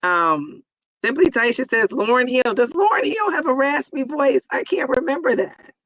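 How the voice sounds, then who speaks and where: A hoarse, raspy woman in her forties hosting a live stream, chatting casually and greeting viewers by name. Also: high voice, lively intonation, normal speed, fairly bright tone, no echo, dull audio. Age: 40s.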